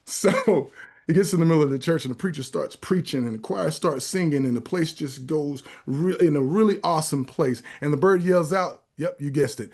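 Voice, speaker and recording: A man co-hosting a podcast, telling a story in a casual, animated way and acting out the voices in his joke. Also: a little high, moderate pace. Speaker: podcast co-host, child advocate.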